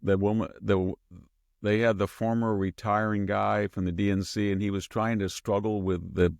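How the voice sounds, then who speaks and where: A man hosting a podcast, giving casual political commentary as an animated storyteller who slips into mimicking the people he quotes and chuckles mid-sentence. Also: lowish voice, moderate pace, creaky, dry recording, studio quality. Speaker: podcast host.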